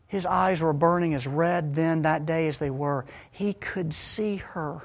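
A man preaching a sermon, swinging dramatically between hushed, low passages and loud ones. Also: measured pace, creaky, few pauses.

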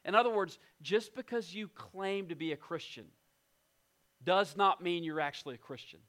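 High-voiced preacher, emphatic and hushed. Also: male voice, expressive. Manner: emphatic, slows down and drops to a hush for weight. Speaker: pastor. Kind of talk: sermon. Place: church in West Virginia.

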